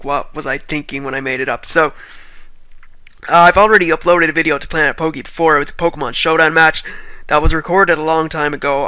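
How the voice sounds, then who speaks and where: A man's voice: on the high side, sharp tone, no room sound. A young Irish man with a light Irish accent, chatting casually and self-deprecatingly before reading a creepy story aloud to his viewers. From Ireland.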